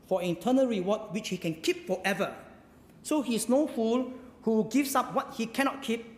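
A preacher, delivering a sermon with emphatic rhetorical questions and sudden drops to a hushed voice. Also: medium pitch. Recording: echoey hall with long reverb.

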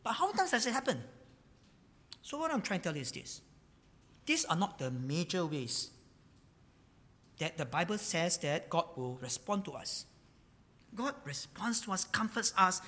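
Preacher, sermon, animated pitch, emphatic repeats, frequent fillers, long hall reverb. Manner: emphatic, repeats key words; stumbles over words with many fillers. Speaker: pastor.

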